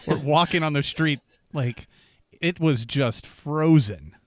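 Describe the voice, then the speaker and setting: A man's voice: on the high side, animated, takes it slowly. A man hosting a podcast interview, joking easily with his guest. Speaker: podcast host.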